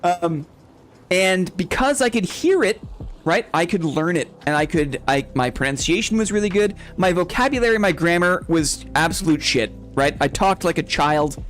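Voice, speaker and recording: A man's voice: sits high, lively intonation, moderate pace, fairly bright tone. A young man hosting a casual live stream who rambles, laughs often and keeps asking "right?". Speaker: game streamer. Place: home streaming setup.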